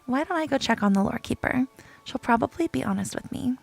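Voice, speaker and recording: A kind, supportive young friend, voiced by a woman from a game. She speaks in an encouraging, caring way. The voice is slightly high with some gravelly fry. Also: animated, brisk, soft background music.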